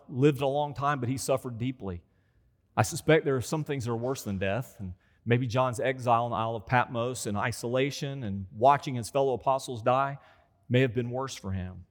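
A man preaching a conversational sermon as a pastor. He repeats phrases for emphasis and acts out quoted voices. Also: medium pitch. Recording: long hall reverb.

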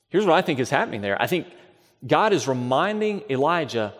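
A man's voice: on the high side, very animated, brisk. Man preaching with long hall reverb. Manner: emphatic, with rhetorical questions and repeated phrases. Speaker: pastor. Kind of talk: sermon.

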